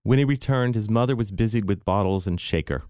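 A middle-aged man giving a measured, expressive literary reading. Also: fairly low pitch, smooth, no room sound, studio quality. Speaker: reader.

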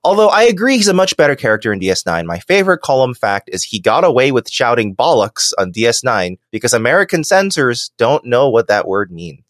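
Male podcast co-host, animated pitch, dry close mic, laughs easily, reads letters aloud. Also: a little fast, hardly any pauses, dry recording. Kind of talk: casual podcast chat.

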